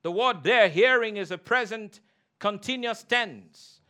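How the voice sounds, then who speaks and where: High-voiced, bright-toned preaching pastor. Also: male voice. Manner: emphatic preaching with call-and-response; repeats key phrases, slows for emphasis. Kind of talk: sermon.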